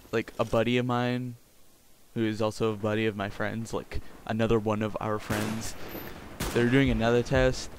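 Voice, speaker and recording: Teenage boy, rambling crude game commentary, mid-pitched voice, loud gunfire sounds behind. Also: slight background noise. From Canada. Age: teens. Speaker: gameplay commentator. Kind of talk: casual gameplay commentary.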